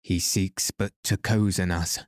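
A man's voice: low voice, steady tone, measured pace, dry recording, studio quality. A man reading aloud as a wary hired sailor who speaks with curt contempt. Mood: scornful. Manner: scornful, curt.

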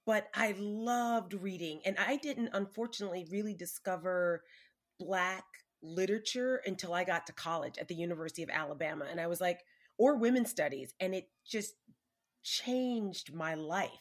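A woman's voice: fairly low pitch, normal speed. A woman co-host who shares personal asides before asking her question in a casual interview.

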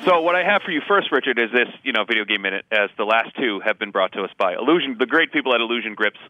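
A man's voice: medium pitch, expressive, fast, highs cut off, faint music behind. A man co-hosting a podcast in casual chat, eager and talkative, filling his sentences with "like.". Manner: eager, chatty, many "like" fillers. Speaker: podcast co-host.

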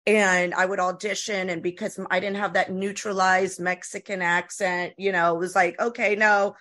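Female podcast host, East Coast accent, bright and excitable, rambles. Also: lowish voice, moderate pace. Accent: East Coast American. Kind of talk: casual podcast chat.

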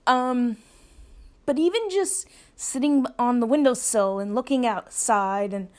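A woman's voice: fairly high pitch, a little slow, a little mellow, no echo. A woman talking casually and reflectively to her viewers, hesitant and searching for words with lots of fillers. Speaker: solo vlogger giving spiritual practice tips. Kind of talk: casual reflective talk to camera.

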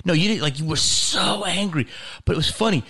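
A male comedian in casual chat, telling a story in a profane, animated way. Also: sits high, fairly quick, slightly rough.

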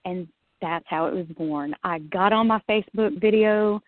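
In a casual interview, a woman guest relates her own story at normal speed in a medium-pitched voice, lively and quick to laugh, playing out what she once said. It's a dry, phone-like line with no room sound.

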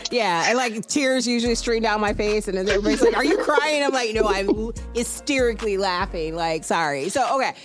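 A woman's voice: mid-range voice, expressive, brisk, few pauses, over loud music. A woman hosting a podcast in casual interview chat, bubbly and laughing often. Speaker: podcast host.

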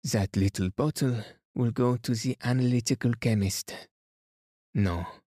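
A man reading aloud as a fastidious elderly detective, speaking gently and gravely. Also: mid-range voice, dry recording, studio quality, voice pushed up, natural voice. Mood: placid. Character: fastidious elderly male detective, calm and placid.

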